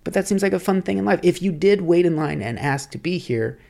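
A man's voice: high voice, lively intonation, a little fast, gravelly, a little mellow. A man hosting a podcast, musing aloud in a rambling, philosophical solo monologue. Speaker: podcast host.

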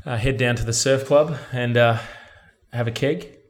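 A man's voice: mid-range voice, fairly even intonation, moderate pace. Chatty male podcast co-host. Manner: chatty and joking, reads the outro plugs. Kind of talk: casual podcast hosting.

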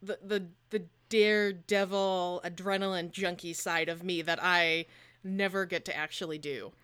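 A woman co-hosting a tabletop game podcast, recounting her character's moves with animated storytelling and laughter. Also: lowish voice, normal speed, a little hiss or hum. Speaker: podcast co-host and tabletop player. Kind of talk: casual chat and in-game narration.

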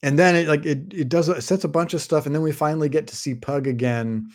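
A man's voice: fairly high pitch, steady tone, quick pace. A man in casual chat, summarizing a fantasy novel in a rambling way, with frequent restarts. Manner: rambling, lots of fillers and restarts. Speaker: podcast host summarizing a book.

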